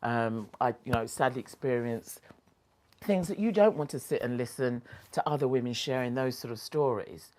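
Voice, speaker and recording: A woman, a motivational speaker, telling a personal story expressively. She moves between quiet reflection and animated laughter. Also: a bass voice, normal speed.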